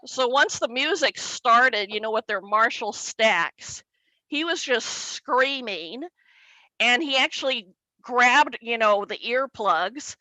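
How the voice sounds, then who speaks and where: A woman comedian telling a stand-up story, animated and acting out each character. She talks slowly in a bright, forward voice. The sound is dry, with no room echo. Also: on the high side, faint music behind.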